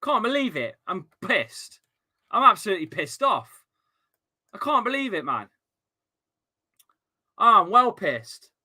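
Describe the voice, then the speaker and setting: Excitable football fan streamer. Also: male voice, high-pitched, normal speed, long pauses. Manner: excitable, swearing, swings from grumbling to shouting. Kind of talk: live fan commentary.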